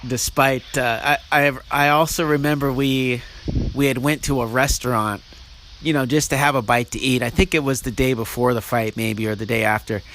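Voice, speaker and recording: A man in casual conversation, circling through a story with restarts and chuckles. His voice sits mid-range, with steady hiss in the background. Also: medium pitch, moderate pace. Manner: rambling, laughing, many restarts. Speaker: podcast host.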